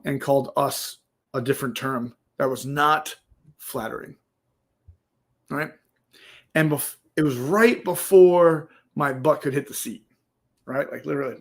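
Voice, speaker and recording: A man, a podcast guest, telling an animated casual story, acting out the quotes and tagging "right?" onto his lines. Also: mid-range voice, gravelly. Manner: animated, acts out quotes, says "right?" often.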